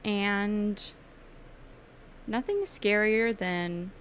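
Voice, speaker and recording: A woman's voice: medium pitch, very slow, clear, resonant tone. A young adult woman co-hosting a podcast, chatting casually and laughing often. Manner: chatty, laughs often, slips into mock voices. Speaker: podcast co-host. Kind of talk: casual chat.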